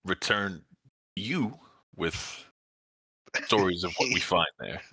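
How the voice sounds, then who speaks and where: A man's voice: deep voice, lively intonation, takes it slowly, sharp tone, breathy edge, no echo. A man playing in a tabletop game, easygoing and polite when he speaks in character. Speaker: player. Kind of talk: casual tabletop game chat.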